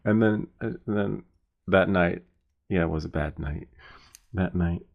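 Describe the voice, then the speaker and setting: A man's voice: low voice, creaky. A man hosting a soldering live stream who tells a rambling story while he works. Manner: rambling, halting, with many restarts.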